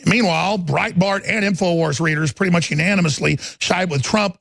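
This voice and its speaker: A man hosting a political talk show, ranting angrily and swinging into shouts. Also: sits high, fairly quick, gravelly, hardly any pauses, no room sound. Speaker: host. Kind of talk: heated political commentary.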